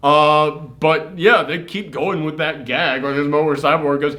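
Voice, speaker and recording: A man hosting a casual movie reaction chat, animated, laughing and acting out scenes. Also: on the high side, unhurried, few pauses. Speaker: host.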